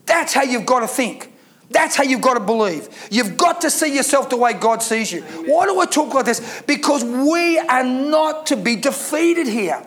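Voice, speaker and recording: High-voiced man preaching emphatically. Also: normal speed, a bit bright. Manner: emphatic preaching with rhetorical questions. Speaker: pastor. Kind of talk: sermon.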